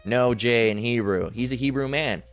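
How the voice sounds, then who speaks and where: A religious teacher gives an informal Bible teaching over screen share, hesitant and full of fillers, repeatedly checking in with "all right?". His medium-pitched voice has a clean tone at normal speed, with faint music behind him.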